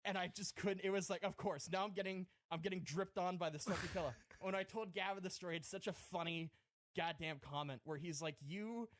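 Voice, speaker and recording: A man's voice: sits high, fairly even intonation, a little fast, fairly bright tone, no room sound. A man on a podcast telling a self-mocking comic story, rambling and breaking into laughter. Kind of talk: casual comedic storytelling.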